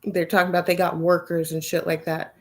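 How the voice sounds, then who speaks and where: A woman's voice: lowish voice, flat delivery, fairly quick. A woman vlogger delivering a heated, blunt monologue full of profanity and rhetorical questions. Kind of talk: ranting monologue to camera.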